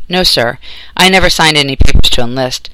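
A man's voice: fairly high pitch, brisk, background noise, lightly acted. A man voicing a frightened twelve-year-old drummer boy who answers nervously and politely.

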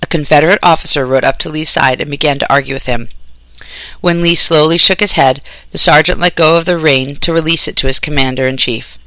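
A man reading a historical novel aloud as an audiobook narrator, in a steady storytelling manner. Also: a little high, a little fast, no echo, rough recording. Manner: steady storytelling, voicing characters in dialogue. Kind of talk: scripted narration.

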